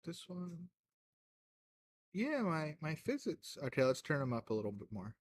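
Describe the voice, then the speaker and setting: A man's voice: a little high, very animated, normal speed. Chatty, rambling man on a game stream. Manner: rambling and chatty, laughs often, many fillers. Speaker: livestreamer playing a game. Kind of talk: casual game-stream chat.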